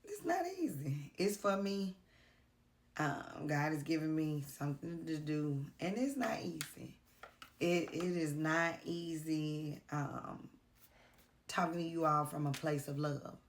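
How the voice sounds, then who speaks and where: A woman talks to her camera in a heartfelt, confessional vlog. Her voice sits low and unhurried, and she sounds tired and worn out, pausing often with fillers as she speaks earnestly. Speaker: vlogger. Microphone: camera mic.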